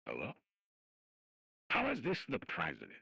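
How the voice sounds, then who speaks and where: A man using an AI voice changer preset that makes him sound like a gravelly male president, goofing around while testing it. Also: on the low side, huge pitch swings, moderate pace, bright, forceful tone, full character voice. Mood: goofy. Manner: goofy, testing the voice.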